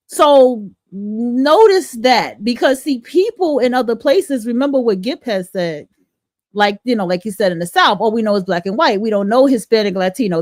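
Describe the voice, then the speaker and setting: A woman podcast host from the northern US talks through her commentary in a loose, conversational way. Her voice is slightly high and recorded close and dry, with no room sound. She restarts sentences as she works out her point. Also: no echo. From northern United States. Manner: conversational, explaining with many restarts. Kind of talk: livestream commentary.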